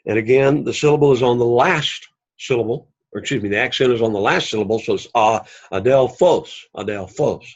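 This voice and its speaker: A man teaching a Greek class, explaining slowly and patiently and repeating key words for emphasis. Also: mid-range voice, muffled recording. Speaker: Greek instructor. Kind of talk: recorded class lecture.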